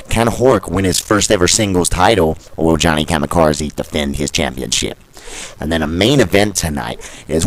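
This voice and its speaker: A man with a very low voice doing play-by-play commentary for a video game wrestling show. He is blustery and loose-mouthed, swearing freely and taking the owner's side. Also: moderate pace, low-quality recording. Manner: blustery, cursing, openly siding with the owner.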